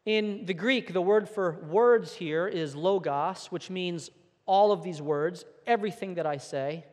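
A man's voice: high voice, unhurried, a little mellow. A man preaching a sermon from the pulpit, earnest and emphatic, now and then repeating a word as he presses his points. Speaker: pastor. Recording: long hall reverb.

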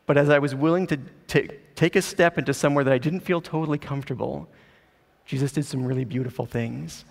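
A man's voice: mid-range voice, fast, creaky, big-room sound. A man preaching a sermon as pastor, telling a personal story in an earnest, conversational way with casual asides.

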